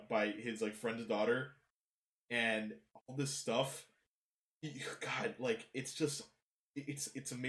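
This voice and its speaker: A man hosting a casual film discussion podcast, animated, swearing, with many fillers and restarts. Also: mid-range voice. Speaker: podcast host. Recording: roomy echo.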